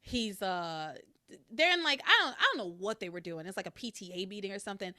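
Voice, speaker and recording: Lively, bright-voiced woman podcast host. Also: fairly quick, no room sound, studio quality. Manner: animated, acts out quoted lines with big pitch jumps. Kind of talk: casual recap chat.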